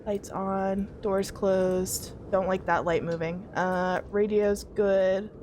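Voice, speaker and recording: A woman's voice: mid-range voice, flat delivery, takes it slowly, a little mellow, a little hiss or hum. A young woman streaming a horror game, jittery and talking to her chat as she checks things off aloud. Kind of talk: casual horror game let's play.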